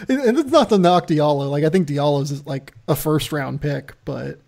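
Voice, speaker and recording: A man's voice: on the high side, normal speed, creaky, mellow. A man hosting a podcast, chatting casually and loosely about basketball draft prospects, laughing at himself. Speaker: podcast host.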